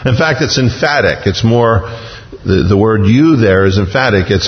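A man preaching an expository sermon, acting out the voices of the people in the text with sudden jumps in pitch. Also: animated, moderate pace. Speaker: pastor. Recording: muffled sound in a reverberant hall.

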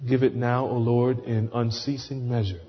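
A man preaching a sermon with fervent, swelling delivery that drops to hushed pleading and prayer. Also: medium pitch, little pitch movement, moderate pace. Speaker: pastor. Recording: dull sound with long hall reverb.

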